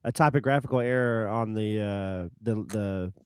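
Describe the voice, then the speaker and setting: A man's voice: lowish voice, normal speed, smooth, no room sound, studio quality. A man co-hosting a podcast in casual chat, chiming in with jokes and brief agreements. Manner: chimes in with jokes and short agreements. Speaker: podcast co-host.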